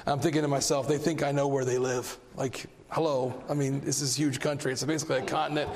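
A man preaching a sermon, telling a story with animated energy and a voice that climbs when he gets excited. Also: mid-range voice, fast talker, background noise. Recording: long hall reverb.

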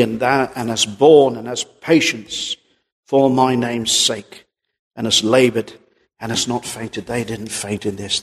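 A man's voice: mid-range voice, husky. A man preaching a sermon in an earnest, emphatic way, reading old-style scripture aloud. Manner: earnest, emphatic, quotes King James scripture. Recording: long reverb of a large hall.

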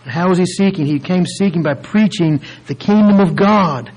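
A man preaching a sermon, explaining scripture in an earnest, deliberate way and drawing out key words. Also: sits high, darkish tone, low-quality recording. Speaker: pastor.

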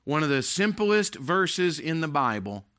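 A man with a fairly high, bright, forceful voice preaches a sermon. He is emphatic, swinging between loud declarations and hushed, intimate asides. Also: big pitch swings, unhurried. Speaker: pastor.

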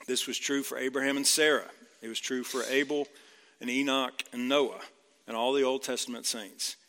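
A man's voice: medium pitch, steady tone, normal speed, sharp tone. Pastor guy from georgia chatting through his sermon, keeps asking right?, reverby sanctuary. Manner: conversational preaching, frequent "right?" asides.

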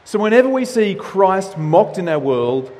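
A man preaching in a church hall, his voice set a little high for a man. He talks in an animated way and acts out the quotes he reads. A long reverb trails after each phrase. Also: normal speed. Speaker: pastor. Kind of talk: sermon.

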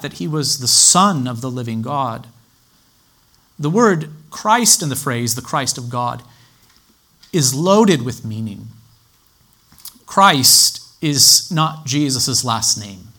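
A man teaching a sermon in a measured, explanatory way, citing scripture references as he goes. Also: mid-range voice, bright, forceful tone. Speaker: Bible teacher.

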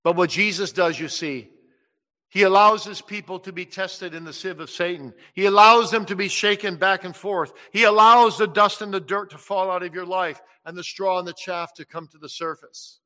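A man preaching a sermon with passion, rising loud when he voices Jesus and dropping soft and low when he pleads. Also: normal speed. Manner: impassioned, swells loud on quoted words of Jesus and drops soft on pleading. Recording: long reverb of a large hall.

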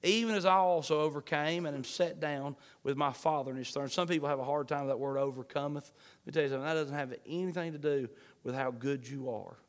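A man preaching a sermon, fervent, swinging between shouts and hushed pleading. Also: on the high side, quick pace. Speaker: pastor. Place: church sanctuary. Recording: long hall reverb.

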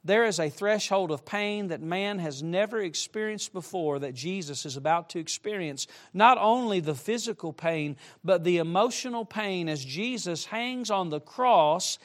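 A middle-aged man preaching to young people, with emphatic direct appeals and shifts between soft asides and loud, rising emphasis. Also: high-pitched, normal speed, few pauses. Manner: emphatic, repeatedly urging listeners with direct appeals. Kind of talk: sermon to a youth congregation.

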